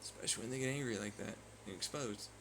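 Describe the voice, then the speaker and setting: A man's voice: mid-range voice, fast, noisy background. A man vlogging in a profane, sarcastic and taunting rant. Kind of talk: ranting monologue.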